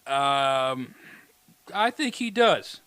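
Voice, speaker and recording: A playful man trading jokes on a casual podcast, often laughing at his own lines. His pitch swings widely as he talks. The recording is dry and close-miked. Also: sing-song, extremely slow, a bit bright, clear, resonant tone, dry recording. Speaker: podcast co-host.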